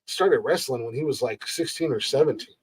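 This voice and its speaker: A man's voice: medium pitch, brisk, breathy edge. A man co-hosting a casual podcast, talking with lots of swearing and laughter. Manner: profane, rambling, laughing often. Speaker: podcast co-host.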